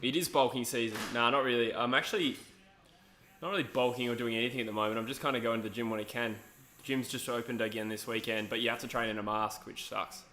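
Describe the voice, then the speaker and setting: A man's voice: medium pitch, steady tone, sharp tone, faint music behind. A young Australian man chatting through a live football match on his stream, cracking jokes between calls of the play. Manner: chatty, jokey, quick asides and chuckles. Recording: echoey room.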